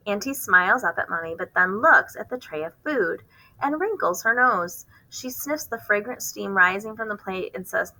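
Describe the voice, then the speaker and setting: A woman reading a children's novel aloud, expressive, with occasional stumbles and rereads. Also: medium pitch, normal speed, low-quality recording. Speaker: reader hosting a book channel.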